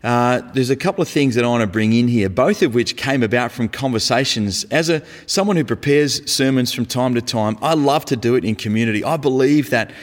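Male preacher, mid-pitched, casual and emphatic delivery, long hall reverb. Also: fairly quick, few pauses. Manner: conversational, emphatic, uses casual slang. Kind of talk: sermon. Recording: echoey hall.

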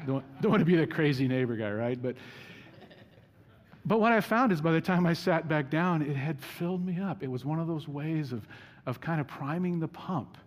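A man's voice: on the high side, moderate pace. A man preaching a sermon as pastor, telling a personal story in a casual, self-deprecating way. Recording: reverberant hall.

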